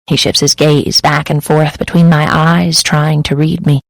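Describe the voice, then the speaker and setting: Woman narrator for a first-person romance audiobook, intimate and emotive, gravelly texture, dry close studio sound. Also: deep voice, flat delivery, measured pace, few pauses, no room sound, low-quality recording.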